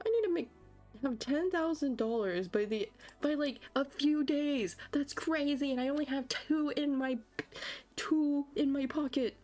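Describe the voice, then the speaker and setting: A woman's voice: sits high, measured pace, a little mellow, soft background music. A woman streamer giving chatty, frazzled commentary while playing a game. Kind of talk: casual gameplay commentary.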